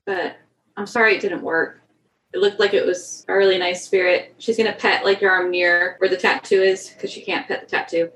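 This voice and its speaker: A woman's voice: fairly low pitch, fairly even intonation, normal speed, a bit bright, a little hiss or hum. Upbeat female player, chatty, room echo around her voice. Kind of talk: tabletop role-play.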